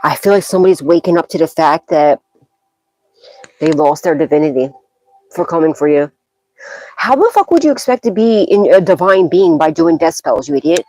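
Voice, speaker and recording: A woman's voice: sits low, expressive, normal speed, dark tone, low-quality recording. A woman gives a psychic tarot reading as a loose, casual monologue. She is blunt and profane, scolding freely and breaking into bursts of laughter as she talks.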